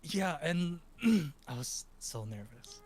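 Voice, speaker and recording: A man's voice: fairly high pitch, very animated, takes it slowly, soft background music. A man telling a story in casual chat, acting out quotes from his chat and friends. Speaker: VTuber guest.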